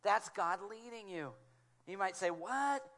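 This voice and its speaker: A man delivers a sermon in a fairly high voice. He tells stories animatedly and slips into hushed, quiet tones when he quotes others. He speaks into a small clip-on mic. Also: normal speed. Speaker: guest preacher.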